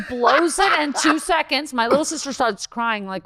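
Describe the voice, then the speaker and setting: A woman from Canada, a comedian guest, telling a story in a lively, swearing, casual podcast chat. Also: high voice, dry recording. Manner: animated storytelling, swearing, quick asides.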